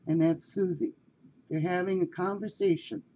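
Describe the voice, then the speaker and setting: Low-voiced woman reading an animal story. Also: fairly even intonation, normal speed, warm tone. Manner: chatty, addressing listeners directly. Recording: dull lo-fi with faint hiss.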